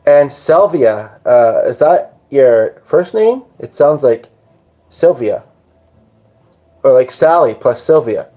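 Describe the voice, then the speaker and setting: A worn-out man runs a live stream, meandering and cracking casual jokes while he replies to viewer comments. His medium-pitched voice is warm and lively, and he speaks at an unhurried pace.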